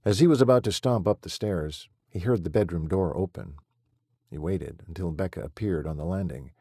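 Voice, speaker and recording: A man reads an audiobook in a measured, steady way. His voice is low, dark and a little husky, and the close-miked recording is dry and intimate. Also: dry recording. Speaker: audiobook narrator. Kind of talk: scripted audiobook narration.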